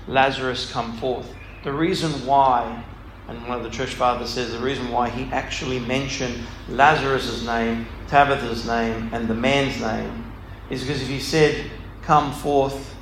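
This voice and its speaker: A man leads an informal scripture talk, reading passages and then explaining them as he thinks aloud. His medium-pitched voice rings in a roomy, echoey space. Faint background noise sits underneath. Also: fairly bright tone. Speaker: Bible study speaker.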